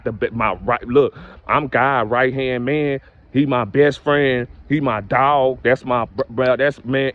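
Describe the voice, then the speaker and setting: Preachy young man venting to camera. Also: lo-fi sound. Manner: preachy, repetitive catchphrases, rising to high exclamations. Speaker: vlogger. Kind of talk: casual direct-to-camera rant.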